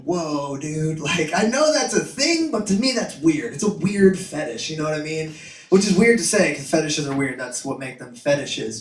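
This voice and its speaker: A man's voice: on the high side, far from the mic. Brash young male stand-up comic, echoey. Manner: crude, self-mocking, loud bursts of shouting. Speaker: stand-up comedian. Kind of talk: stand-up comedy set. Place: comedy club stage. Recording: echoey room, mic heard from afar.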